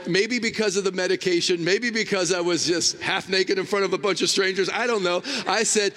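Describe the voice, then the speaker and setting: A man's voice: high voice, fairly even intonation, a little fast, hardly any pauses, sharp tone. A man preaching a sermon, telling a personal story with emphatic, swinging delivery. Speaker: guest preacher. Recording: long hall reverb.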